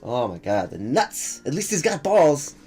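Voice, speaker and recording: A young man with a fairly high voice hosts a reaction video. He talks in a mocking, sarcastic way, swears freely and keeps breaking into laughter at what he is watching. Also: very animated, a little slow, a little mellow, breathy edge, soft background music.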